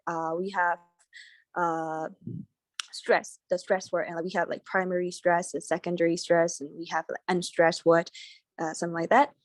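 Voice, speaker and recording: A woman's voice: lowish voice, no room sound, studio quality. Hesitant woman recalling lesson notes. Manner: hesitant, many fillers, recalling from memory. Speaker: teacher trainee in a study group. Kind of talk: casual group discussion.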